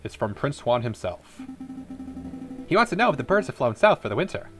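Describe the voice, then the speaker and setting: A man's voice: medium pitch, very animated, fairly quick, a bit bright, soft background music. A man voicing a lawyer while reading game dialogue aloud, in a plain, slightly raised delivery. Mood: puzzled.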